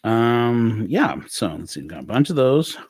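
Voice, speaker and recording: A man's voice: mid-range voice, sing-song, unhurried, darkish tone, no echo. A man hosting a casual livestream chat, rambling and self-correcting as he tells stories. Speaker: host.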